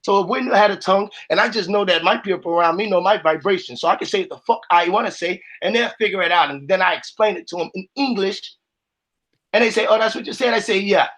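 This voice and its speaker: Man, high voice, fast talker, blunt, profane, panel host. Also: fairly bright tone. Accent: put-on made-up accent at times. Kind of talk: casual panel discussion.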